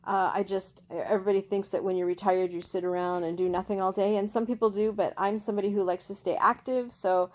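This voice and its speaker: A woman's voice: mid-range voice, fairly even intonation, quick pace, hardly any pauses. An older retired woman chatting in a rambling way in a casual home vlog, filmed on a handheld phone in her living room. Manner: chatty, rambling, with many fillers and restarts. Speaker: home crafter and small-business owner. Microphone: handheld phone camera.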